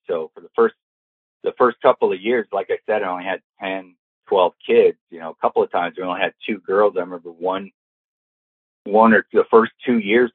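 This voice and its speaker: A man spins a casual anecdote with a low, breathy voice. He acts out the people he quotes, and the sound is dry and thin, like a phone line. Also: dry recording. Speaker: storyteller guest.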